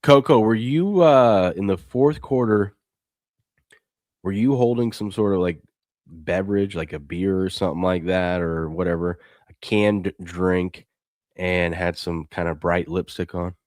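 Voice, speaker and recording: Male co-host, very low pitch, dry, casual stream banter, reads chat aloud. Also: a little slow, no echo. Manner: reads viewer chat aloud, rambling and excitable. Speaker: sports show co-host.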